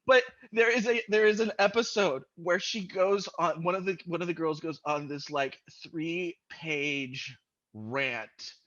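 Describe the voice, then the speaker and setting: A man's voice: a little high, a little slow, a bit bright, muffled recording. A man in casual podcast chat who laughs often and tells stories with animation. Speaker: podcast host.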